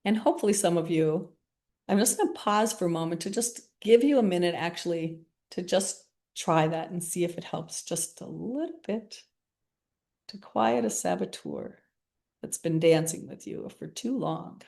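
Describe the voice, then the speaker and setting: A woman leading a reflective group workshop, speaking gently and candidly, often with a laugh. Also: lowish voice, normal speed, creaky. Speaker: workshop facilitator.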